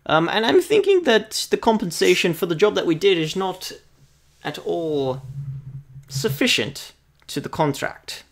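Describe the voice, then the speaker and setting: A man's voice: high voice, big pitch swings, unhurried, gravelly, voice pushed up, full character voice. A man playing a blunt, intimidating male half-orc mercenary who haggles firmly over pay in a tabletop role-play. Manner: firm, bargaining, threatening undertone. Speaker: player.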